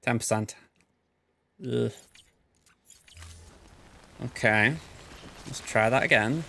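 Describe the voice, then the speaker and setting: A man's voice: mid-range voice, animated, moderate pace, a bit bright, slight background noise. A man hosting a let's play, giving chatty gameplay commentary and thinking aloud in a playful way. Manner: playful, self-described goofball.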